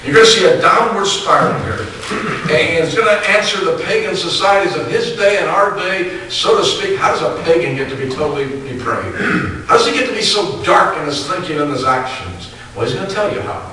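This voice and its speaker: A male preacher delivers an emphatic sermon, reading verses aloud and hammering his points home with repetition. His voice is bright and pitched a little high. It rings through a large echoey hall, picked up from some distance off the mic. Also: animated, fairly quick, a little hiss or hum. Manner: emphatic, repeats phrases, reads scripture aloud.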